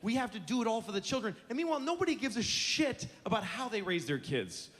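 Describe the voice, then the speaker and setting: This middle-aged comedian rants fast and profanely in exasperation on stage, his fairly bright, high voice taking on a sing-song lilt. Laughter from the live audience and the room's ambience sit behind him in this stand-up routine.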